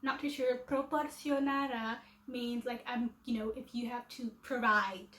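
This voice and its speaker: A woman's voice: a little high, steady tone, a little slow, a bit bright, reverberant, poor audio. A woman vlogger chatting casually and self-deprecatingly to camera, laughing at herself.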